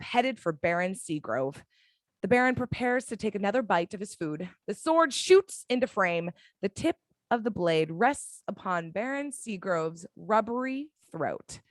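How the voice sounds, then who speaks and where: A woman reading a screenplay's action descriptions as narrator of a fan audio drama, in a dramatic, measured way. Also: mid-range voice, dry recording.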